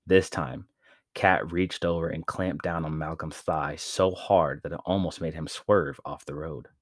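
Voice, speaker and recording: A man with a very low voice narrates a story in a measured, dramatic reading. The sound is dry and close, with no room echo. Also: fairly even intonation. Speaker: podcast narrator.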